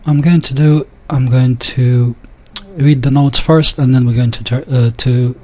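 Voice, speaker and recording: A man leads a pronunciation lesson at a slow, unhurried pace. His voice is mellow and dark, and he repeats each word with care, pausing and sometimes restarting a phrase. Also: medium pitch, steady tone, rough recording. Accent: speaks a Yiddish dialect. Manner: deliberate, repeats words slowly, with pauses and small restarts. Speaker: language teacher.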